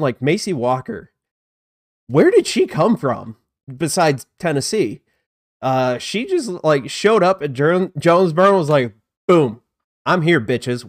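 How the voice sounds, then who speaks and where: A man's voice: a little high, no echo, clean studio sound. A man hosting a casual live-streamed disc golf news show, chatting loosely and self-deprecatingly while greeting viewers in the chat.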